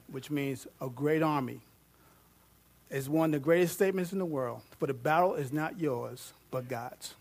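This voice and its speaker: A man preaching a sermon, reading scripture aloud with growing excitement, joking with and questioning his congregation. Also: a little high, moderate pace. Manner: animated, rising to loud fervent reading; jokes with the congregation and asks them questions.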